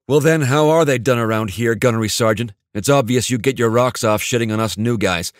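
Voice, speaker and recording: A man's voice: on the low side, a little fast, dry recording, clean studio sound, natural voice. A man narrating an audiobook and voicing a young male Marine officer who turns commanding and barks orders.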